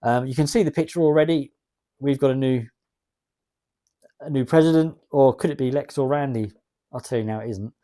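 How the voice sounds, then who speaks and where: Guy doing chatty let's play commentary, rambly, warm mellow voice, dry sound. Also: mid-range voice, brisk, pauses often, no room sound. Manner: chatty, rambling, reads out game text. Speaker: gaming video host.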